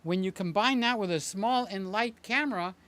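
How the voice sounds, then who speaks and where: A man's voice: high-pitched, moderate pace, a bit bright. An older man hosts a live stream, chatting loosely and cracking jokes as he goes. His talk wanders, full of fillers and little asides. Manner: rambling and jokey, with many fillers and asides. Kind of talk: casual live-stream chat.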